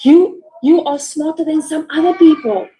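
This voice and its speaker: High-voiced woman teaching English online. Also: normal speed, warm tone, poor audio. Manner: encouraging, acts out little dialogues with pitch swings. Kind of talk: online English lesson, coaching a student.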